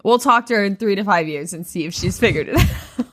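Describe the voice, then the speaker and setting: A woman's voice: mid-range voice, a little fast, no room sound. Giggly female podcast co-host, dry sound. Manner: giggly, animated. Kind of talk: casual chat.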